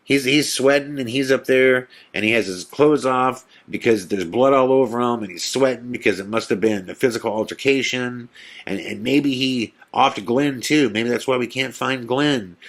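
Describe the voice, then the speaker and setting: A man hosting a podcast, telling a tense personal story in a casual, animated way and acting out the quotes. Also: moderate pace. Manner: animated storyteller, acts out quotes in a whisper and excited high voice. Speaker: podcast host.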